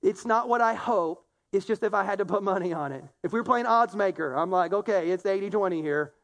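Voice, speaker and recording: A pastor preaching a conversational sermon, acting out quoted complaints and talking directly to a laughing congregation. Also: male voice, sits high, fairly quick, gravelly. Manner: animated, acts out quoted complaints in a raised voice.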